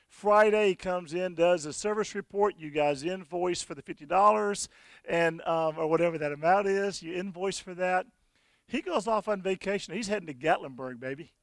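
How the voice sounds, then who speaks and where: A man presenting at a conference and demoing software, telling folksy stories with frequent restarts. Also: high voice, no echo. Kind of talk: conference talk with software demo.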